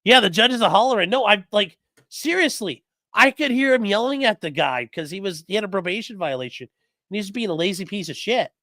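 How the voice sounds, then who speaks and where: A man's voice: high voice, a little fast, dry recording, clean studio sound. A man who works as a defense attorney, telling courtroom stories in a casual, profane way and acting out the people he quotes. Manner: profane, animated storytelling with acted-out quotes. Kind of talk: casual livestream chat.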